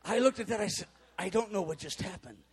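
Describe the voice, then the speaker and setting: A middle-aged man, a pastor telling a story in a sermon, acting out voices with sudden shouts and quiet mutters. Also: high-pitched, quick pace, slightly rough.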